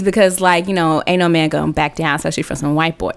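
A woman's voice: low-pitched, fairly even intonation, quick pace, hardly any pauses. A woman host telling a comic story in a casual, slangy way, laughing often. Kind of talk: comedic storytelling.

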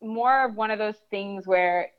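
A woman in her thirties tells a story in an animated, casual way, swearing freely and acting out the people in it. Her voice sits at a middle pitch. The recording is dull and lo-fi. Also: measured pace, clean tone. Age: 30s. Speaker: guest storyteller. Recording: dull lo-fi sound.

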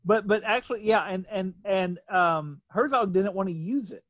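Podcast host, male, high voice, dry close sound, chatty and giggly. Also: moderate pace, a bit bright, no room sound. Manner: laughs often, reads quotes aloud. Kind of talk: casual film chat.

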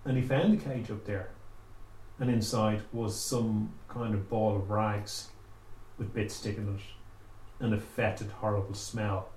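A man telling a spooky folk tale aloud, with slow, dramatic pauses. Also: on the low side, fairly even intonation, a little mellow, slight background noise. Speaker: storyteller. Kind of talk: oral storytelling. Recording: echoey room, faint ambience.

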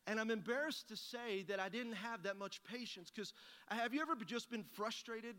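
Male pastor, bright and forceful, folksy storyteller in a reverberant hall. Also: sits high, lively intonation, a little fast. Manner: folksy storytelling, acting out both sides of a conversation. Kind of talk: sermon with a personal story.

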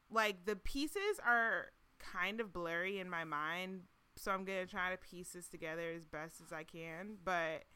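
A woman's voice: mid-range voice, sharp tone, clear, resonant tone. A woman co-hosting a podcast, telling a dating story in a chatty, laughing way. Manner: chatty, sarcastic, laughs often. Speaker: podcast co-host. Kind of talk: casual storytelling chat.

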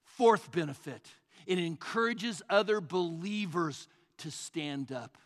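A male pastor preaching a sermon, swinging between loud, rising passages and hushed, low asides. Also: lively intonation, takes it slowly, big-room sound.

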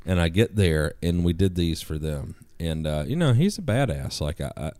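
Very deep-voiced, animated male storyteller. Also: moderate pace, no room sound. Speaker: podcast guest. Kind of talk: casual podcast conversation.

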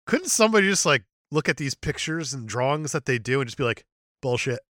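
A man's voice: on the high side, very animated, quick pace, pushed and bright, dry recording, studio quality. A man co-hosting a casual movie podcast, joking and riffing in silly voices. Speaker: podcast co-host.

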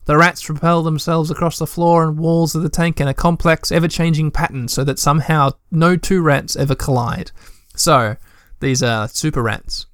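A man's voice: a little high, steady tone, moderate pace, hardly any pauses, a bit bright, no room sound, studio quality. A young man reading a text adventure aloud in a let's play, with chatty, joking asides.

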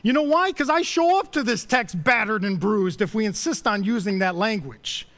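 A middle-aged male pastor delivering a sermon at a church podium. His voice sits high for a man and leaps all over the place, punching out lists of sins before dropping low and soft. He preaches with fervent, insistent emphasis. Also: animated, moderate pace. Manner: passionate, emphatic preaching with sudden drops to quiet.

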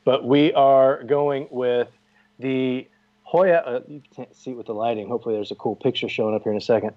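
A man's voice: medium pitch, steady tone, fairly quick, dull audio. A man co-hosting a casual chat show, joking and bantering with a headset mic. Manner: joking, banters and laughs often. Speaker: podcast co-host.

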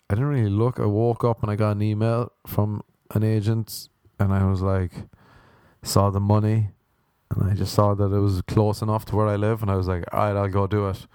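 A young man with an Irish accent talks in a loose, sweary, self-deprecating monologue. His voice sits on the low side. The sound is dry and close, with no room around it. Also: darkish tone, no room sound. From Ireland. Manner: sweary, rambling, self-mocking, acts out other voices. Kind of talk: casual storytelling monologue.

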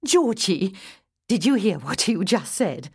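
A woman's voice: medium pitch, sing-song, takes it slowly, darkish tone, slightly rough, dry recording, exaggerated voice. A woman reading as a teasing older sister who mocks her brother between bursts of laughter. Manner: mocking, hooting with laughter.

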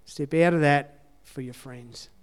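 A man's voice: fairly high pitch, unhurried, clean tone. Earnest man giving sermon testimony. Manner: earnest, conversational, repeats key phrases. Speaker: church speaker sharing testimony.

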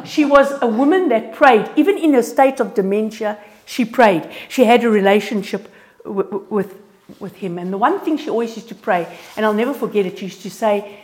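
A woman's voice: a little high, a little fast. Earnest woman giving a church testimony. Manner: lively, earnest, often restarts words. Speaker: speaker sharing a testimony. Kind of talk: informal church sermon with slides. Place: church gathering.

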